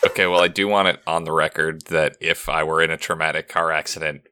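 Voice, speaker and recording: Man on a podcast, very low voice, bright tone, dry measured wit. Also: flat delivery, clear, resonant tone, dry recording. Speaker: podcast panelist. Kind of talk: casual comedic chat.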